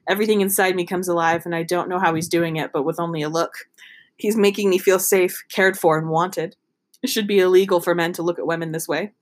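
A woman's voice: fairly low pitch, fairly even intonation, fast. A woman reading a romance novel aloud in a casual, giggly way, stumbling and restarting over words. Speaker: reader.

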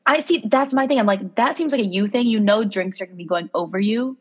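A young woman co-hosting a relaxed podcast, her voice sitting in the middle of the range. She laughs often and tells her stories in a loose, rambling way, with fillers throughout. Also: mid-range voice, quick pace, breathy edge. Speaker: podcast co-host. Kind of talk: casual chat.

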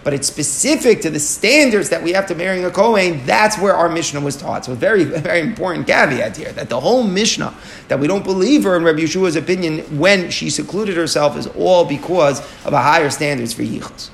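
A man's voice: a little high, expressive, a little fast, gravelly, a little hiss or hum. A man teaching a Talmud lesson, explaining step by step and asking and answering his own questions, with Aramaic and Hebrew terms mixed in.

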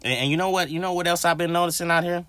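A man with a higher-pitched voice races through a casual, profane rant on his own podcast, recorded with no echo. He's animated and addresses his listeners head-on.

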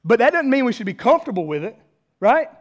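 A pastor in his thirties preaches a conversational, self-deprecating sermon that builds to emphatic peaks. His voice is very high, with big pitch swings and a quick pace.

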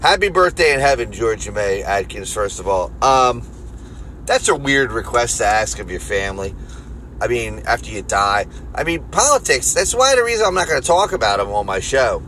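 A man with a Philadelphia accent hosting a solo podcast from his car, rambling crudely and jokingly between loud bursts and mutters. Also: mid-range voice, sing-song, normal speed, a little hiss or hum. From Philadelphia area. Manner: rambling, crude, jokey, swings loud and quiet. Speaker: podcast host. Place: car on the road.

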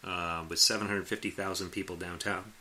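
A man's voice: low voice, steady tone, brisk, pushed and bright. A man in his late thirties telling a long rambling story in casual chat, laughing often and acting out what people said. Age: late 30s.

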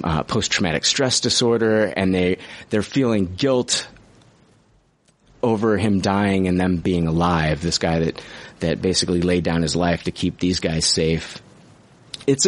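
This man, heard without echo, has a lowish voice. He hosts a show reviewing a movie in loose, casual chat, rambling with restarts, cursing freely, and laughing at himself.

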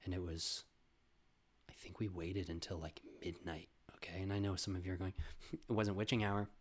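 A young man hosting a podcast, telling a long casual story with plenty of swearing. He jumps from loud outbursts to quiet, muttered asides. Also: deep voice, moderate pace, slightly rough. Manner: profane, animated storytelling with sudden loud bursts and quiet asides. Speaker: podcast host.

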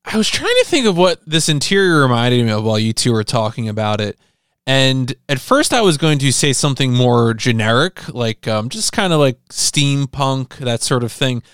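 A man's voice: medium pitch, sing-song, moderate pace, fairly bright tone, clear, resonant tone, dry recording. Male podcast co-host, clean dry mic, meandering casual chat with lots of "like". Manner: rambling, hedging with many fillers.

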